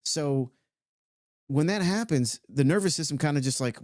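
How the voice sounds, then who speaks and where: A man's voice: fairly high pitch, animated, moderate pace, darkish tone, no echo, studio quality. A man giving a loose, conversational motivational talk, now and then swearing and stretching out words. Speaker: self-help speaker.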